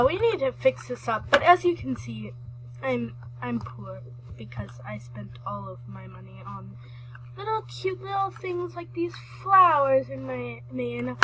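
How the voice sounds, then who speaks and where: High bright female voice, unhurried, chatty gaming commentary, faint hum behind. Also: low-quality recording. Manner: chatty, excitable, rambling with restarts. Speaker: gaming vlogger. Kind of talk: casual game commentary.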